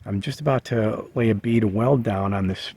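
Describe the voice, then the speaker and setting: Gravelly man telling a story. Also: on the low side, darkish tone, a little hiss or hum. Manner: halting, many fillers and restarts. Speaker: vlogger sharing a memory. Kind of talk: casual storytelling. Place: living in a bus.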